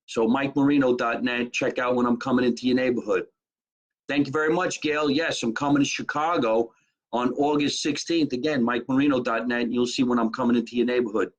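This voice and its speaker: This is a middle-aged comedian from Jersey City, New Jersey, hosting a live stream in his apartment kitchen, brashly joking and reading comments from viewers. He speaks at medium pitch in a steady, slightly fast way on a rough recording.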